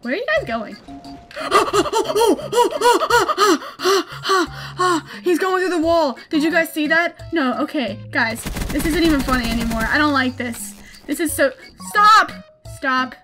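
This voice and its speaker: A young woman streaming a game, reacting with jumpy, excitable commentary and nervous laughter. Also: sits high, brisk, hardly any pauses, faint music behind. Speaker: gaming streamer.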